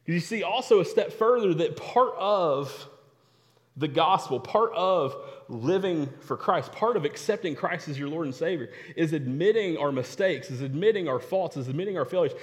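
A man's voice: a little high, animated, normal speed. A young adult man preaching a sermon, telling stories and repeating phrases for emphasis. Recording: long hall reverb.

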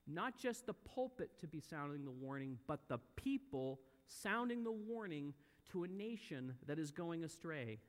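A man preaching a sermon in a church, earnest and building to loud, emphatic peaks. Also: high-pitched, lively intonation, a little slow. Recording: long hall reverb.

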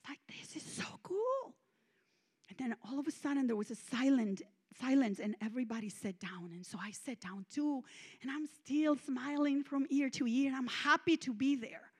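A woman minister preaching a sermon and telling a personal testimony, moving between hushed and loud. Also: sits high, normal speed, slightly rough. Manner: emotional storytelling, swinging from hushed to loud. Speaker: guest minister.

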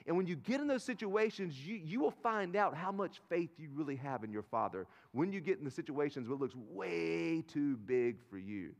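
A man's voice: a little high, very animated, normal speed, creaky, hardly any pauses. A man in his thirties preaching a conversational sermon as pastor, telling stories and checking in with his congregation. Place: large church sanctuary. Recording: live sermon in a reverberant sanctuary.

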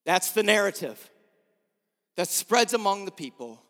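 A man's voice: high-pitched, big pitch swings, measured pace, pauses often, a bit bright. A man preaching a passionate sermon in a small storefront church, calling on the congregation to repeat lines back. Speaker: pastor. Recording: reverberant church hall.

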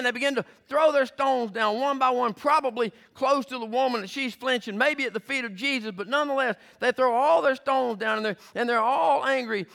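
A man's voice: extremely high pitch, vocal fry, fairly bright tone. A male pastor preaching a sermon, emphatic, repeating words as he builds his points and retelling scripture scenes vividly.

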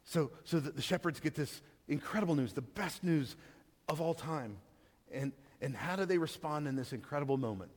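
A fairly high-voiced man preaches to a congregation. He talks in an easy, conversational way, restarting phrases and asking rhetorical questions. His voice rings out in a church hall with a long echo. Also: animated, normal speed. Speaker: pastor. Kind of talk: sermon.

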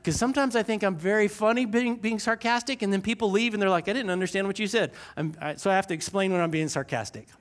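A man preaching a sermon, slowing down to stress key lines and using dry sarcasm. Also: sits high.

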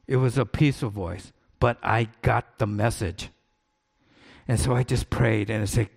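A man's voice: lowish voice, steady tone, a little slow, vocal fry, husky. Earnest male pastor preaching. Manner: earnest, conversational preaching with repeated emphasis. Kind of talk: sermon.

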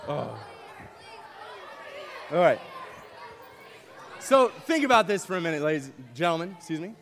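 A young man gives a youth camp sermon, playful and animated, joking with the crowd as he goes. His voice sits high for a man. A long reverb from the large hall trails behind each phrase. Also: moderate pace. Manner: playful, animated, uses props and jokes with the crowd. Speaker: camp speaker. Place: large hall with a live audience.

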